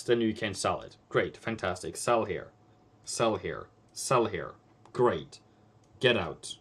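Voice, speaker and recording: A man with Norwegian as his first language hosts a live trading stream. He scolds bluntly and repeats phrases for emphasis. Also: mid-range voice. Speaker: forex trading livestream host.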